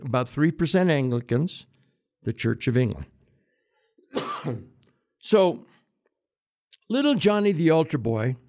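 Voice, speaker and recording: A man's voice: fairly high pitch, darkish tone. A man hosting a radio segment, telling history and jokes in a chatty, jokey way. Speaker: radio host. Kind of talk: casual storytelling and joke-telling.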